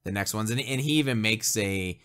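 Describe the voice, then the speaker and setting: A man's voice: on the low side, fairly quick, a bit bright, clean tone. A man co-hosting a casual, spoilery movie review. He rambles, often restarts his sentences and laughs a lot.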